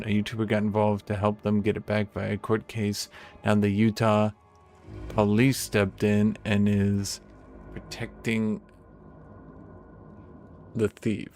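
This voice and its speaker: A young man with a fairly low voice chats casually while streaming a game. He jokes freely and slips into goofy impressions of characters. Soft music plays under his voice. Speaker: gaming streamer. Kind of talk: casual gameplay commentary.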